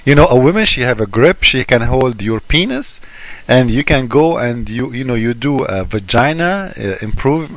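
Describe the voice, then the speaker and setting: A man's voice: medium pitch, animated, normal speed, no room sound. A man doing a mocking commentary, sarcastic and incredulous, often repeating words in disbelief.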